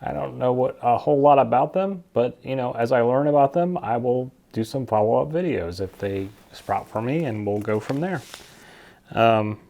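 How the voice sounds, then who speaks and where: A man's voice: medium pitch, animated, normal speed, vocal fry, warm tone. A man casually talking to camera about his seeds, rambling and stumbling over plant names he can't pronounce. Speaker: gardening vlogger. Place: basement at home.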